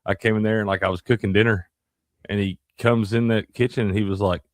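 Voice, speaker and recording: Chill jokey guy, lowish voice, dry mic, sports podcast banter. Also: steady tone, fast talker, no echo. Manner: laid-back, chatty, jokey. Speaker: podcast co-host. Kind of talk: casual sports chat.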